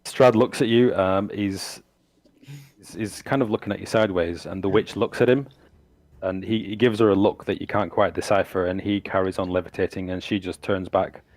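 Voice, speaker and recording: A man running a tabletop game as game master, narrating the scene descriptively and halting often with fillers. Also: deep voice, fairly even intonation, darkish tone, no room sound.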